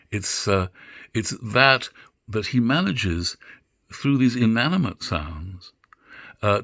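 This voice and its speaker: An older man giving an unscripted lecture on drama, musing and halting, with many fillers and restarts. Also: low voice, creaky, fairly bright tone, husky, dry recording, studio quality.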